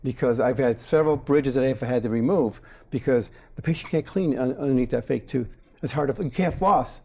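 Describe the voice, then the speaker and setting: Speaking fairly quickly with some vocal fry, a dentist in his forties is the guest in a relaxed interview. His mid-range voice is warm and mellow, and he explains plainly while slipping into acted-out snippets of what patients and staff say.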